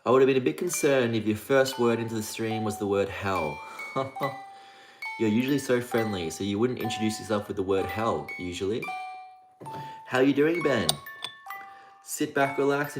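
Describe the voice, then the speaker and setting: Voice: medium pitch, moderate pace. A livestream host chatting casually, greeting viewers by name in a sing-song, rhyming patter. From Australia (Victoria). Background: music playing.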